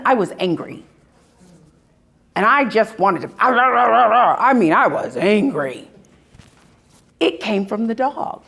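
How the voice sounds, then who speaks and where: A woman giving a live spiritual talk to an audience at an expo, telling stories in an animated way and acting out scenes. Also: a little high, vocal fry, slightly rough. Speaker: spiritual workshop speaker. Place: expo hall.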